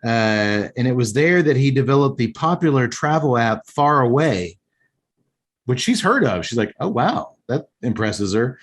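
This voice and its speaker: A man's voice: mid-range voice, lively intonation, moderate pace. A man hosting a podcast, enthusiastically recapping a film scene by scene and giving his opinions. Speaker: podcast host. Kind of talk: casual film recap and review chat.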